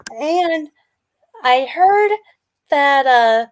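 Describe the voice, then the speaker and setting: A woman's voice: high voice, animated, drawn-out words, dry recording. A woman co-hosting a casual show, telling rambling stories and playfully defending herself. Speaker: co-host. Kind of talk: casual chat.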